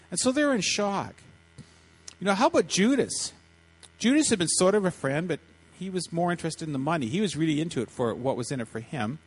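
Animated man telling a sermon story. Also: sits high, fast, breathy edge. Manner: animated, repeats words, acts out quotes. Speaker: pastor speaking to children.

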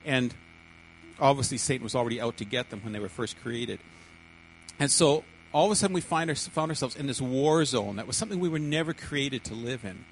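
Male preacher, mid-pitched, halting delivery with many restarts, sermon to a congregation. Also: lively intonation, slight background noise, rough recording. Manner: halting, repeats words and restarts often.

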